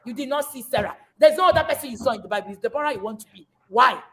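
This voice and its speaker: A woman with a fairly high voice hosts a parenting podcast. She speaks like a preacher, passionate and pointed, and breaks into emphatic bursts. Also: expressive, racing, a bit bright, slight background noise. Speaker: podcast host.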